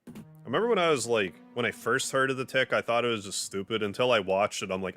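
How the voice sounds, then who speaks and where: A man's voice: medium pitch, fast talker, fairly bright tone, faint music behind. A man streaming a video game live, talking casually and rambling with lots of "like" as he plays and chats with viewers. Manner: rambling, chatty, heavy use of "like". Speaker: gaming livestreamer. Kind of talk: casual live commentary while playing a game. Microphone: desk microphone.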